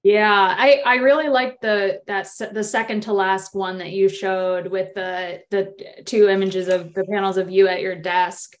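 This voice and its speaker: A woman on a video call giving encouraging feedback, hesitant as she picks her words. Her voice sits at an ordinary pitch. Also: flat delivery, measured pace, few pauses.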